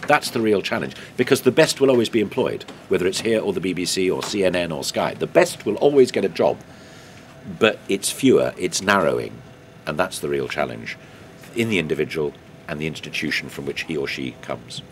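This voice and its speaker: A man's voice: deep voice, expressive, fairly quick, slight background noise. An older English man, a TV news presenter, answering interview questions in a chatty, anecdotal way with fillers and self-corrections.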